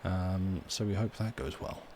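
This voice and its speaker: A man from the UK, hosting a livestream from home in a soft, rambling, chatty way and reading poetry aloud. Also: low voice, fairly even intonation, a little slow, slight background noise. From United Kingdom. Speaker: livestream host. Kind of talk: casual livestream chat and poem reading. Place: home room.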